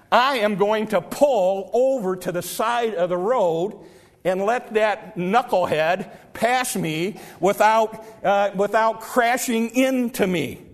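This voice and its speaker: A man's voice: high voice, in a large hall. A man preaching a sermon in church, telling folksy stories and repeating words when he presses a point.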